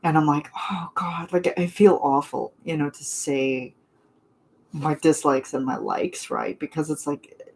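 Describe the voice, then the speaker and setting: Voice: medium pitch, a little slow. A non-binary young adult streamer talks casually with viewers in a mid-range voice. They gush, ramble and fill gaps with little laughs and "um"s. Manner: gushing, chatty, rambling with fillers and laughs. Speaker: vlogger chatting with viewers. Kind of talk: casual live chat.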